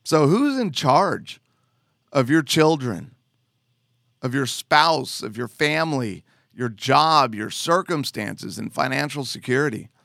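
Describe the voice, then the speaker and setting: Male preacher, unhurried sermon delivery with playful asides, dry close mic. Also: mid-range voice, dry recording. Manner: animated preaching with jokes and mock voices. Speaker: pastor.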